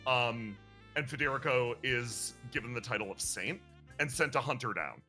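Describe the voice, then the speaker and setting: A man's voice: mid-range voice, normal speed, soft background music. A man chatting casually as a streamer, animatedly retelling a game's story and laughing now and then. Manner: animated, laughs and breaks into playful character voices. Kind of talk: casual chat recapping a game story.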